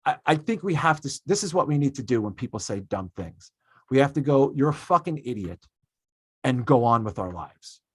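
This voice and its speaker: A man's voice: medium pitch, animated, a little fast, slightly rough, no echo. Man, podcast host, emphatic ranting, swears a lot, dry close sound. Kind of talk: casual opinionated chat.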